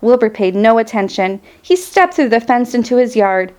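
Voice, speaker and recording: A woman reading a children's storybook aloud in a gentle, expressive way, with small slips and restarts. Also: on the high side, normal speed. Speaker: storybook reader.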